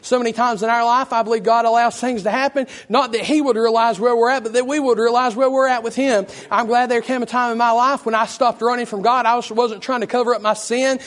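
A man preaching a fervent sermon with a hoarse, worn voice, praying with a repeated "Lord" and building to shouts. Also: very high-pitched, steady tone, quick pace, few pauses. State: hoarse, losing his voice.

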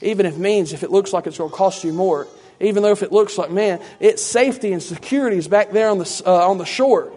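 Brief: high-voiced male preacher giving a conversational teaching sermon full of rhetorical asides. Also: fast talker, hardly any pauses, darkish tone.

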